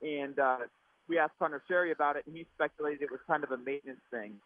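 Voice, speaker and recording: Male reporter phoning in through a mask, muffled, slightly high, tinny line. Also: fairly even intonation, fast talker. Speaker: sports reporter calling in. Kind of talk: casual chat. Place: at a practice rink.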